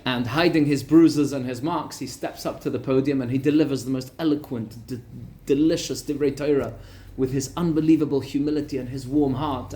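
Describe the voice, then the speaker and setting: A man, a rabbi, telling a story in a lively Torah lesson, repeating words for emphasis. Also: medium pitch, slight background noise. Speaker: rabbi teaching a weekly class.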